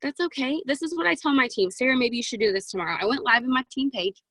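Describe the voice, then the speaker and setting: Chatty, excitable young woman on a video call. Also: high-pitched, fast talker, no echo, rough recording. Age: 20s. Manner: chatty and excitable, peppered with "um" and "right?". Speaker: guest speaker on a sales team call. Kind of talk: motivational team coaching talk. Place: home walk-in closet.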